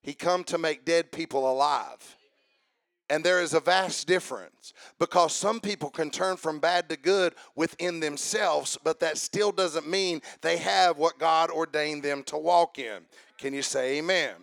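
High gravelly preacher guy, folksy, keeps repeating himself, dry close sound. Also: unhurried, no echo. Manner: folksy preaching, repeats phrases, builds to rhythmic shouting. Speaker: pastor. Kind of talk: sermon.

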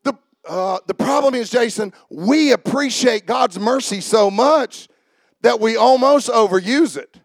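A pastor preaching a sermon, quizzing the congregation and often shouting. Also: male voice, very high voice, expressive, measured pace, dry recording, clean studio sound.

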